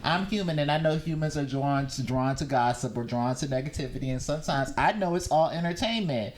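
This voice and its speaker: A man's voice: a little high, brisk, a little hiss or hum. A man co-hosting a podcast, chatting casually and making wry side comments. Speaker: podcast co-host.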